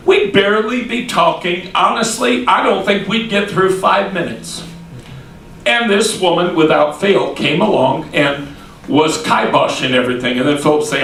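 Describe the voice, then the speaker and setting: High-voiced folksy preacher telling a story. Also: male voice, expressive, unhurried, fairly bright tone, a little hiss or hum. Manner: folksy, repeats "he said" while acting out quoted voices. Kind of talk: sermon storytelling. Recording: echoey room, distant mic.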